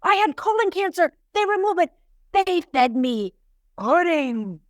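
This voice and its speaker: A woman voicing a loud, fast-talking woman with a thick Brazilian accent who has just left hospital. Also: very high voice, big pitch swings, no echo, studio quality, pitched above the performer's own voice, exaggerated voice. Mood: insistent. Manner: very loud and rapid, insistent.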